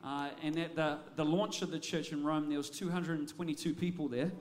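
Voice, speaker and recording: A man preaching a sermon as a pastor, energetic and often repeating words as he restarts his phrases. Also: fairly high pitch, a little fast.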